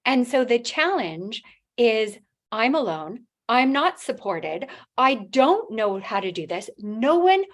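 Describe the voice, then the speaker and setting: A middle-aged woman with a non-native English accent, giving a motivational talk on stage in a halting way, with restarts and acted-out quotes. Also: a little high, sing-song. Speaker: motivational speaker.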